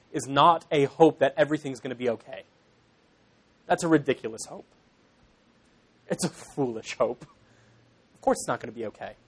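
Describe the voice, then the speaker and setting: A young Irish man in his twenties, a pastor in training, preaching a sermon to a congregation in an earnest, emphatic way with self-deprecating asides. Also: a little high.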